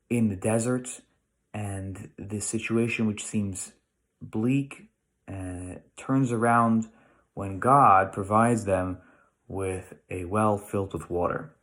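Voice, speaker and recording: A man's voice: fairly low pitch, a bit bright. A middle-aged American man giving a casual Torah lesson, thinking aloud with restarts and rhetorical questions. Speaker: rabbi teaching weekly Torah lesson.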